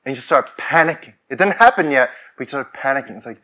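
Bright-voiced man preaching a sermon. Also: mid-range voice, animated, fast talker. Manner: conversational preaching that rises to fervent declarations. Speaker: pastor.

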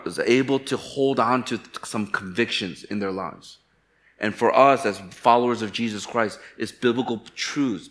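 Pastor guy from chicago giving a sermon, kinda low voice, candid and joking at his own expense. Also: a bit bright. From Chicago, USA. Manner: candid, storytelling with self-deprecating humor.

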